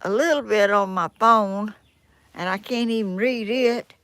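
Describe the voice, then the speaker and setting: A woman's voice: mid-range voice, unhurried, fairly bright tone, no room sound. An older woman with a Southern American accent, hosting a live stream from outdoors and talking in a flustered, self-deprecating, folksy way while she struggles with her phone and tablet. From Georgia, United States. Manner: folksy rural speech. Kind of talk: casual live-stream chat. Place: outdoors in the sun.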